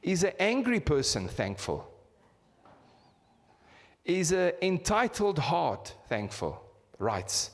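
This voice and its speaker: South African pastor preaching in a reverberant church hall. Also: male voice, a little high, sing-song, slow pace, creaky, pauses often. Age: 50s. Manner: asks the congregation rhetorical questions, repetitive emphatic preaching. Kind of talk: sermon.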